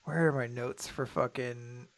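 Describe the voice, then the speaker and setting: A man co-hosting a podcast, chatting about a manga in an animated, jokey way. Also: mid-range voice, a little slow. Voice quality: animated, jokey, laughs easily. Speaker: podcast co-host. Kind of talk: casual chat about a manga.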